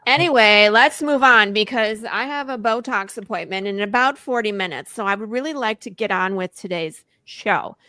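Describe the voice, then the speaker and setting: Bossy, whiny, entitled rich lady host played by a woman. Bright, higher voice, dry close sound. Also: normal speed, hardly any pauses, no echo, lightly acted. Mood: bratty. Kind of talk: comedy sketch show.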